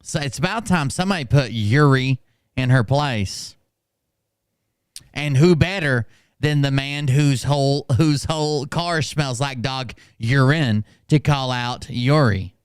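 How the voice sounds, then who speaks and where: A man's voice: medium pitch, a little slow, clean tone, dry recording, clean studio sound. A man hosting a reaction commentary, making sarcastic, mocking asides. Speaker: commentary host.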